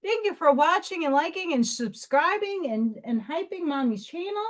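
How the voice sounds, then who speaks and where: A woman chats through a casual craft livestream from home, laughing a lot and cooing baby talk at her cat. Her voice is high and expressive, at a moderate pace.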